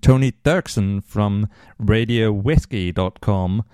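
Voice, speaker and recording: A man with a lowish, darkish voice hosts a casual podcast, taking his time as he reads listener mail in a dry recording with no echo. His answers wander through rambling asides, full of ums and restarts and laced with dry humor.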